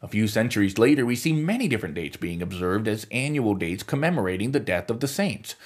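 A man's voice: fairly low pitch, lively intonation, brisk. A man hosting a podcast, delivering scripted commentary with wry, sarcastic asides. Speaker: podcast host.

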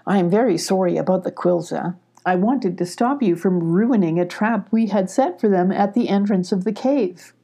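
A woman's voice: mid-range voice, moderate pace, hardly any pauses, mellow, close to an everyday voice. A woman voicing a friendly, chatty young girl in a storybook reading, talking lightly with a hint of giggle.

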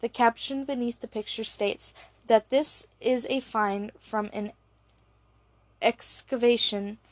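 A woman reads an audiobook in a steady, even voice. Her pitch sits fairly high, and the recording is close and dry with no room sound. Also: dry recording. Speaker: audiobook narrator. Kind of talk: scripted narration.

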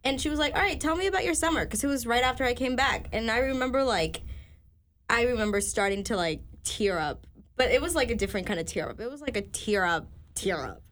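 Young woman co-host, slightly high voice, chatty animated storyteller. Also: a little fast. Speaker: podcast co-host. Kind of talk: casual chat.

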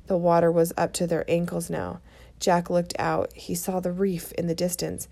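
Gravelly woman reading a storybook aloud. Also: lowish voice, level tone, moderate pace, warm tone. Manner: chatty asides to young listeners. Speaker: storybook reader. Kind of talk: reading a children's chapter book aloud.

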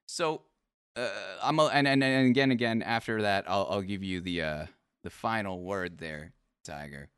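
A man hosting an online interview show, asking set questions and bursting into excited praise. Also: on the low side, moderate pace, smooth, no echo, studio quality. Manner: animated, breaks into excited laughing praise. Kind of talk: casual online interview over voice chat.

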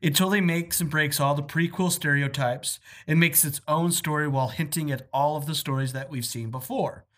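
A woman's voice: low-pitched, brisk, hardly any pauses. A woman co-hosting a casual podcast, reading out listener emails with lots of fillers and laughter. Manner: giggly, animated, lots of fillers.

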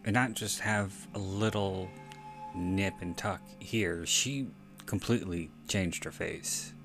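Male podcast host, deep and unhurried, loose rambling commentary with swearing. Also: steady tone, over music. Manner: rambling, frequent self-corrections and profanity. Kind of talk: casual movie commentary.

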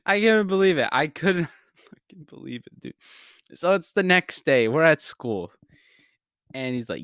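A man's voice: a little high, expressive, unhurried, long pauses, fairly bright tone, smooth, dry recording, studio quality. A young man hosting a podcast, telling a crude story in casual chat, swearing a lot and laughing through it. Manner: profane, laughs constantly through his story. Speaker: podcast host.

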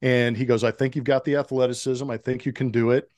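Lively middle-aged male storyteller, dry sound. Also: mid-range voice, fast talker, dry recording. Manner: animated storyteller who acts out quoted dialogue. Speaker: interview guest, former pro baseball player. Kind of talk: storytelling in a podcast interview.

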